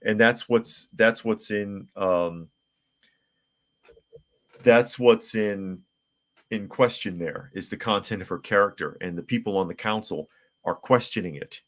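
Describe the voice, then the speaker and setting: A man hosts a live news commentary podcast, reading headlines and viewer comments aloud. He drops mocking asides between them. His voice sits very low. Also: measured pace, long pauses. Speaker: podcast host.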